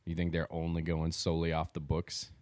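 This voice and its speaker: A low-voiced man banters on a podcast, blunt and teasing, dropping casual swears. His voice is deep and recorded close and dry. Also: monotone, brisk, a little mellow, no echo. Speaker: podcast co-host. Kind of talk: casual chat.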